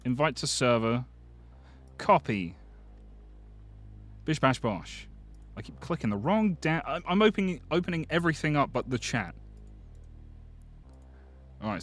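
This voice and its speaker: A British man hosting a live stream, chatting casually with viewers, excitable and swearing freely. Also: medium pitch. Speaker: livestream host.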